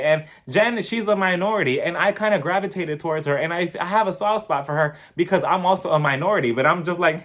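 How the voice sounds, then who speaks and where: A man's voice: high voice, animated, fairly quick, few pauses, a bit bright. A man chatting casually as he recaps a reality TV episode, gossipy and profane, breaking into laughter. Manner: gossipy, chatty, swears freely, laughs often.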